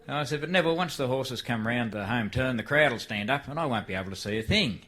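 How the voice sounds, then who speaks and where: A man's voice: mid-range voice, expressive, quick pace. An older Australian man telling a live story to an audience in a folksy, easygoing way. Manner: folksy, shifts into a frantic shouted race call. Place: live venue before an audience.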